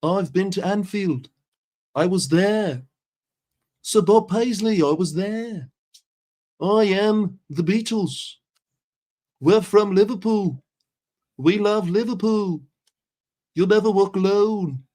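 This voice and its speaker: An American man putting on a deliberately poor British accent to impersonate a cheery, boastful older Liverpool rock musician. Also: high voice, mellow, voice pushed up.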